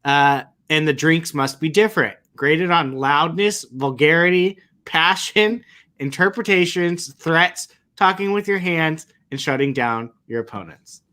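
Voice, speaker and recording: A man's voice: on the high side, a little slow, bright, forceful tone. A man co-hosting a podcast in easygoing casual chat, with frequent hesitations. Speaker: podcast co-host.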